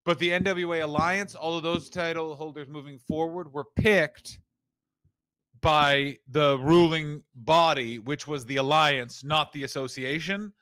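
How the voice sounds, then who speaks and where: A man's voice: fairly high pitch, fairly even intonation, measured pace, fairly bright tone, no echo. A man co-hosting a comedy podcast, rambling and riffing with mock outrage. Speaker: podcast co-host.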